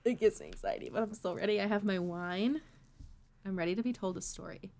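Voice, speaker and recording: A woman's voice: medium pitch, brisk, creaky, darkish tone. Casting: young woman podcast co-host from Massachusetts, jokey, dramatic, swears a lot. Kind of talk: casual podcast chat.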